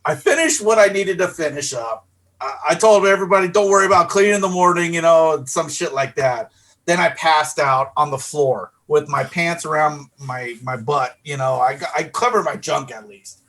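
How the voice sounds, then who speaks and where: A middle-aged man with a fairly high voice tells a rowdy story on a podcast. He talks in a loose, profane way and acts out his own lines with lively quotes. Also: normal speed. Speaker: podcast co-host. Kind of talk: casual storytelling.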